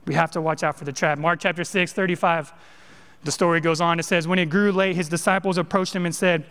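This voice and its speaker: Man, pastor, animated conversational sermon, talks straight to the congregation, high voice, long church reverb. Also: a little fast, clear, resonant tone. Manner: animated, conversational preaching with direct address. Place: church sanctuary.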